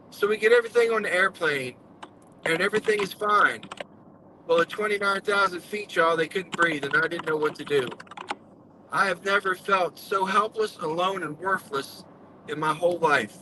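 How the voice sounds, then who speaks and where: A man's voice: high-pitched, normal speed, background noise. A man earnestly telling his story in casual live-stream chat, with folksy speech.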